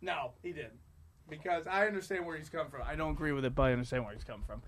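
A man's voice: fairly high pitch, fast, fairly bright tone, dry recording. A man co-hosting a podcast, making crude jokes in casual chat. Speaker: podcast co-host.

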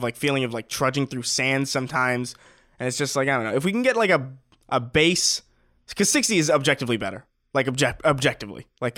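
A man co-hosting a casual podcast, talking in a relaxed way with frequent restarts and casual swearing. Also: mid-range voice. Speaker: podcast co-host.

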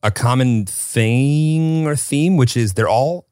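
A man's voice: mid-range voice, takes it slowly, a little mellow, smooth, no echo, clean studio sound. A man in his thirties co-hosting a podcast, chatting casually with playful, self-deprecating banter. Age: 30s. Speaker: podcast co-host. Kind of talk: casual chat.

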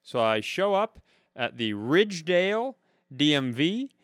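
A man's voice: on the high side, sing-song, unhurried, no room sound, clean studio sound. A man with an Upper Midwest American accent co-hosting a comedy podcast, rambling through a story in casual chat and acting out other people's lines. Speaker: podcast co-host.

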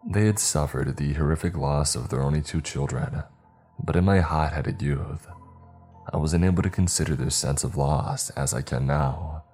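A man narrating a story in a measured, somber way. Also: a bass voice, darkish tone. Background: faint music.

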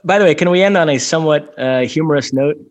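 A man co-hosts a casual soccer podcast in a fairly high voice. He lays out details briskly and analytically, stacking facts and figures. The recording is dry, with almost no room sound. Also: no room sound. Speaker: podcast co-host.

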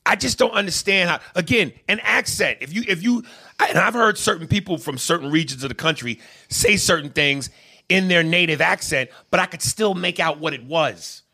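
New guy going off on a podcast, swings loud to quiet, gravelly bright voice. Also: fairly high pitch, normal speed. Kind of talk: heated casual rant.

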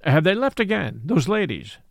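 Fields: Figure: eager young Englishman, read by a male narrator. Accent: English. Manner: earnest, halting. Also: sits high, very animated, creaky, dry recording, clean studio sound, full character voice. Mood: casual.

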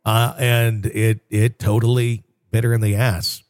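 A man's voice: fairly low pitch, little pitch movement, unhurried, a little mellow, dry recording, clean studio sound. A man co-hosting a podcast in casual conversation, rambling with frequent restarts and fillers. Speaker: podcast co-host.

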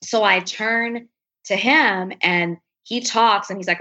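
A woman with a mid-range voice speaks slowly as a guest on an interview podcast, candidly and animatedly telling a personal story. She acts out other people's lines as she quotes them. The recording is dull and lo-fi.

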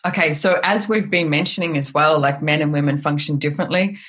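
A woman guest and author in a casual podcast conversation. She tells stories in an animated way and often says "it's like.". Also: low voice, fairly quick. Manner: animated storytelling with frequent "it's like".

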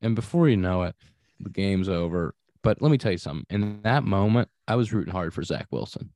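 Low-voiced man telling a sports story. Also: expressive, a little mellow, no room sound, studio quality. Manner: easygoing storyteller, reads ads briskly. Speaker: podcast co-host. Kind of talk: casual chat and read ad spot.

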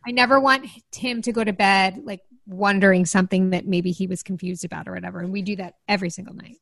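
A woman's voice: mid-range voice, steady tone, fast talker, creaky, fairly bright tone, no room sound. A woman in her thirties co-hosting a podcast, chatting casually and easily. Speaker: podcast co-host. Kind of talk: casual chat.

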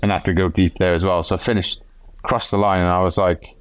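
Deep-voiced man, chatty racer, animated storyteller, dry close sound. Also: fast, smooth, no room sound. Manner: animated, chatty, acts out quotes. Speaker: professional cyclist and podcast regular. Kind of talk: casual storytelling chat.

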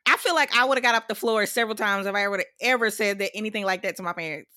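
A woman's voice: mid-range voice, fast, pushed and bright, dry recording, clean studio sound. A woman co-hosting a casual podcast, chatty and opinionated, sharing her views about a TV show. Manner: chatty, opinionated, many fillers. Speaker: podcast co-host. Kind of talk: casual TV recap chat.

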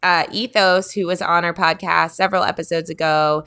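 A woman's voice: lowish voice, fairly even intonation, moderate pace, bright, forceful tone, clean tone. A woman co-hosting a podcast, chatting casually in a bubbly way with lots of fillers and laughs. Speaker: podcast co-host.

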